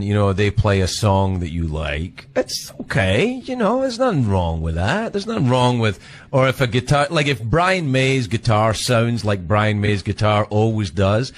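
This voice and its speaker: A man with a Scottish accent in casual conversation, who laughs often. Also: on the low side. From Scotland.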